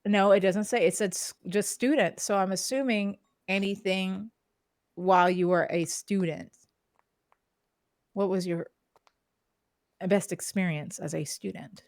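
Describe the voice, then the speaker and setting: A woman's voice: mid-range voice, a little slow, long pauses, dry recording. Woman, podcast co-host, casual chat, laughs a lot, dry close sound. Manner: chatty, laughs often, acts out quoted phrases. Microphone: podcast microphone, streamed live.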